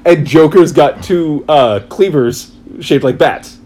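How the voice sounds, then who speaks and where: A man chatting casually, retelling a story in an excited, rambling way and acting out quotes. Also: on the high side, slow pace. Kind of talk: casual chat.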